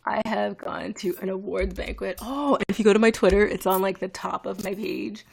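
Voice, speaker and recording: Chatty young woman with vocal fry. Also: mid-range voice, fairly even intonation, moderate pace, a little mellow. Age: 20s. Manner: rambling, chatty, reacts to viewer comments. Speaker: livestreamer. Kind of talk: casual live-stream chat.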